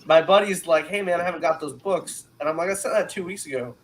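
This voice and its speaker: A man co-hosting a podcast chat in an animated, storytelling way, often checking in with his listeners. His voice sits a bit high for a man, with a faint noise under it. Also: quick pace, poor audio. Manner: animated, repeats "you know what I mean". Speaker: podcast co-host, comic creator. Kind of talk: casual chat.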